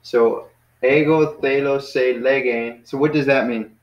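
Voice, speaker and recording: A patient male teacher leads an online language class in a middle-pitched voice, spelling words letter by letter and coaching students along. His voice comes through an echoey room and a muffled, dull call connection. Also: fairly even intonation, unhurried. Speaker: Greek teacher.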